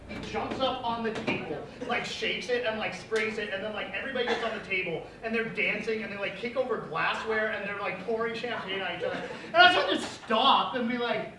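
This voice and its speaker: A young man telling a comic story on stage in a casual, profane way, laughing often. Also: high-pitched. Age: young adult. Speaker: student performer. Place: auditorium stage with an audience. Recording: echoey hall, distant mic, noise.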